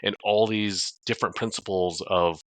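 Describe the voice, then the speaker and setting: A man from South Korea, a police chief as interview guest, affable and quick to laugh, often repeating words as he starts. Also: on the low side, steady tone, fairly bright tone, no room sound. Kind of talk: casual interview conversation.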